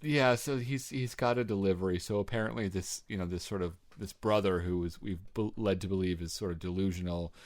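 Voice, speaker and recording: A man's voice: sits low, a little fast, few pauses, darkish tone. A man co-hosting a podcast in casual chat, talkative and laughing often as he trails off and restarts. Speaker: podcast co-host.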